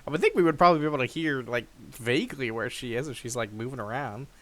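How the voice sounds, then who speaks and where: This let's play host is a young man with a medium-pitched voice who talks fast. Lively and chuckling along, he narrates the game's story with real dramatic flair.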